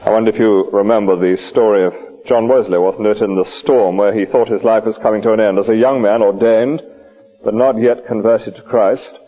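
A man preaching a sermon at a lunch hour church service, asking his listeners question after question. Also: fairly low pitch. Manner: lively, questioning preaching with rhetorical asides. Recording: dull lo-fi old recording.

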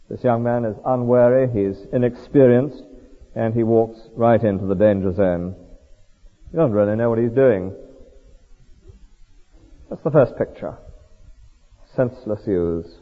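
A man with a slightly husky voice delivers a sermon, his pitch rising and falling a great deal as he explains scripture verse by verse. The sound is thin and tinny, like a phone line. A long reverb hangs around him, as in a large hall. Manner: lively, explanatory, reads verses aloud and comments on them. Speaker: preacher.

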